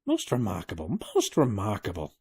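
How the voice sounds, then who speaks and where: A man's voice: lowish voice, wildly swooping pitch, normal speed, gravelly, darkish tone, husky, dry recording, studio quality, full character voice. A man voicing a fussy, absent-minded old male professor who mutters stock phrases in a raised, flustered voice.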